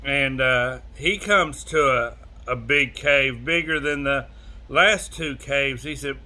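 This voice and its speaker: A man telling a joke in a slow, drawn-out way, pausing often with "uh". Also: medium pitch, sharp tone. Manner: slow, drawn-out delivery full of "uh" pauses. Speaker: joke teller.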